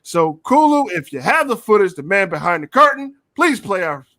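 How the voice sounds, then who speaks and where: A man hosting a casual sports talk show, animated and joking, repeating phrases for emphasis. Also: high-pitched, normal speed, dry recording.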